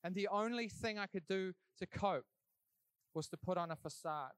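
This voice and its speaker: A man's voice: sits high, normal speed, a bit bright, clear, resonant tone, no echo. A young man telling his life story in an earnest, conversational way, as a church speaker giving testimony. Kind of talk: sermon testimony.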